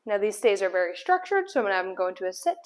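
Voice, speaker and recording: A woman's voice: medium pitch, very animated, racing. A woman dog trainer explaining a puppy's sit and down stays while giving him firm commands indoors. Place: indoor room at home.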